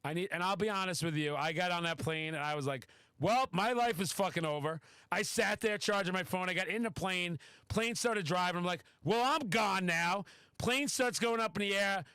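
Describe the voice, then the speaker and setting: A man hosting a podcast, telling a story in casual chat, excitable and swearing freely. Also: sits high, brisk, clean tone, no echo. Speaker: podcast host.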